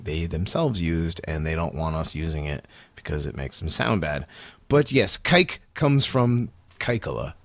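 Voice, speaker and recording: Animated male podcast co-host. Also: low-pitched, creaky, no echo. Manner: animated, loud storytelling with bursts of laughter. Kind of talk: casual podcast chat.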